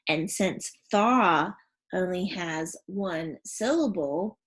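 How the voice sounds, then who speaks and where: Teacher voice: woman, very slow and lively, spells out sounds for kids. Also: fairly low pitch. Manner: slow, clear, sounding out letters and prompting questions. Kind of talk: phonics lesson for young children.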